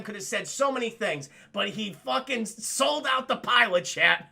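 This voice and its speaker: A young man retells a movie to his livestream chat in a loose, animated, profane way. His voice sits high and carries gravelly fry, with a bright, forward edge. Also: moderate pace, hardly any pauses. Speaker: film reviewer livestreaming to chat. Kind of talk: casual spoiler review on a livestream.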